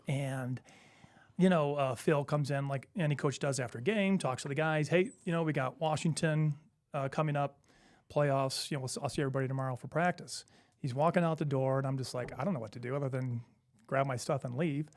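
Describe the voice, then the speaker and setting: A man's voice: medium pitch, normal speed, gravelly, no room sound, studio quality. A middle-aged man, a former basketball player, telling stories casually as an interview guest and acting out the voices of people he quotes. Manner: animated storyteller, acts out quoted voices. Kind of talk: casual storytelling.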